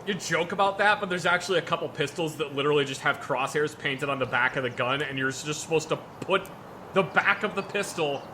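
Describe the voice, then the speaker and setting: A man's voice: on the high side, a little fast, pushed and bright, slight background noise. A man in casual chat while playing a game, explaining guns at length and swearing casually. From United States. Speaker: gaming video host.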